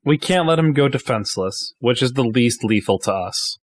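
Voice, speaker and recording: A man's voice: medium pitch, expressive, moderate pace, no echo, clean studio sound. A man playing a tabletop game, talking directly and taking charge of the group. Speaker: player.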